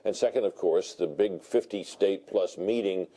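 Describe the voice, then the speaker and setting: Very deep, dark male pundit. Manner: measured and deliberate, with frequent filler words and restarts. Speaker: political commentator. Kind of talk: broadcast panel discussion.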